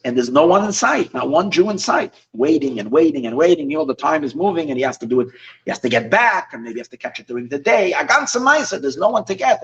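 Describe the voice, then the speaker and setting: Rabbi telling stories, distant and lo-fi. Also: male voice, on the high side. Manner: animated, halting storyteller with many restarts. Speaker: rabbi teaching a class. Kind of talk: storytelling lesson. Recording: distant mic, dull lo-fi sound.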